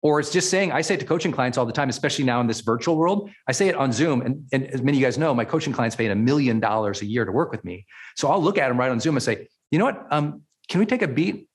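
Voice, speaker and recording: A man's voice: mid-range voice, racing. A man hosting a motivational podcast and teaching as a coach. He speaks emphatically, repeats key words and often checks in with "right?".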